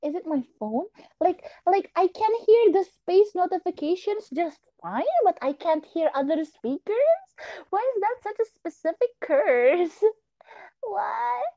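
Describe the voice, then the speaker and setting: A woman hosts a casual stream in a very high, lively voice. She talks slowly, giggles and apologizes in confusion. The audio sounds dull and lo-fi. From Indonesia. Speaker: livestream host. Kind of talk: casual livestream chat.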